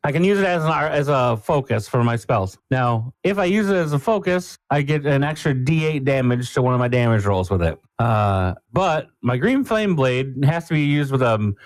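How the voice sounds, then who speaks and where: A man playing a tabletop game, joking and swearing in quick banter. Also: medium pitch, expressive, no echo. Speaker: player. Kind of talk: casual tabletop play.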